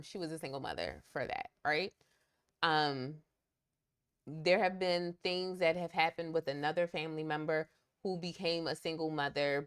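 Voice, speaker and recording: A young adult woman co-hosting a podcast, giving her opinions in an emphatic, indignant way. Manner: emphatic, indignant, rising pitch when outraged. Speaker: podcast co-host. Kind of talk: casual opinion chat.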